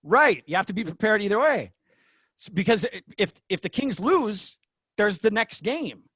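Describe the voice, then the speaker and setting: A middle-aged man, a former arena announcer, telling stories as a podcast guest in an excitable way. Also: high-pitched, normal speed, husky, dry recording. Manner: excitable, acts out shouted quotes. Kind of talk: animated storytelling in a podcast interview.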